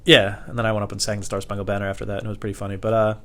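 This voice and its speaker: A young man, a comedian, rambling in a loose, profane, self-deprecating way, with lots of fillers and sudden loud high voices when he quotes people. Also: completely flat delivery, rapid-fire. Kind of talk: rambling stand-up style monologue.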